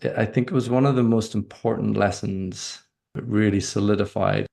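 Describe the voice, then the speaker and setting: Gravelly man telling a personal story. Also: lowish voice, fairly even intonation, a little mellow. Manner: halting, with frequent restarts and fillers. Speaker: podcast guest.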